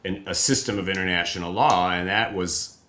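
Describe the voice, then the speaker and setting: A man's voice: deep voice, fairly even intonation, fairly quick, pushed and bright. A man hosting a podcast interview, rambling and hesitant, chuckling as he talks. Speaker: podcast host. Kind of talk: casual interview talk.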